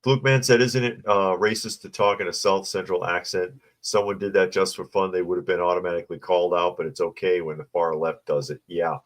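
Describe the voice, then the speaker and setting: Deep-voiced man with snarky news commentary. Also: fairly even intonation, a little fast, few pauses. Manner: reads news and viewer comments aloud, adds snarky asides. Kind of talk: casual livestream commentary.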